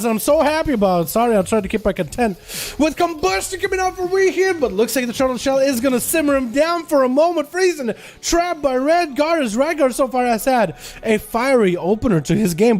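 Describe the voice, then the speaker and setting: A man streaming and casting game duels live, giving excitable, casual play-by-play and talking straight to his chat. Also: extremely high pitch. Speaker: streamer and duel commentator. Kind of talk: livestream play-by-play game commentary.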